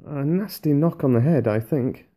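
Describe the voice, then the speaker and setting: Man voicing Bilbo, a high, shaken hobbit. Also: moderate pace, mellow, natural voice. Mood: rueful. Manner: high, eager, rising. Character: small weary hobbit man, kindly and shaken.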